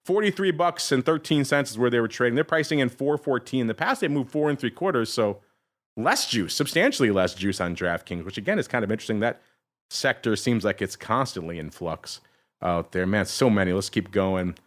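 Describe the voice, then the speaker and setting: Male podcast host, mid pitch, upbeat auctioneer-style market rundown. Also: animated. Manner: upbeat, addresses listeners, quick list reading. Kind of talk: rapid-fire market rundown.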